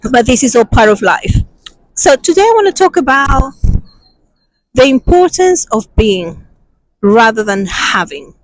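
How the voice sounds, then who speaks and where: A woman guides listeners through a meditation and then a heartfelt spiritual talk, in a slow and soothing voice. She stresses her key points firmly. The sound is dry and close, though she is outdoors. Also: fairly high pitch, very animated, no room sound, rough recording. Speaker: self-healing channel host. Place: outdoors with passers-by.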